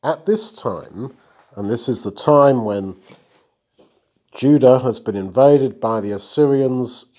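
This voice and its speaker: Mellow-voiced man teaching a Bible passage. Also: medium pitch, takes it slowly. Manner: retells and comments conversationally, praises a listener. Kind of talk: informal Bible reading and teaching.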